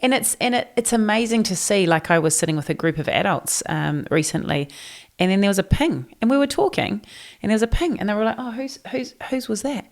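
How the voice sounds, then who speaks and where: A woman with a New Zealand accent, a guest on a podcast, speaking in an emphatic, animated and forthright way. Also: medium pitch, fast. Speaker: podcast guest, neuroscience trainer. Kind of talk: casual interview chat.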